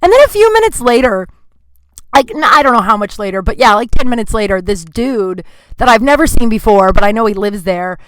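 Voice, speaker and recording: A woman hosts her podcast in a loose, chatty monologue, peppering every sentence with "like" and grumbling as she goes. Her voice sits a little high. It is recorded dry and close, with no room sound. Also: lively intonation, brisk, no room sound. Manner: chatty, heavy use of "like" fillers; grumpy, complaining tone. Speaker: podcast host. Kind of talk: casual monologue storytelling.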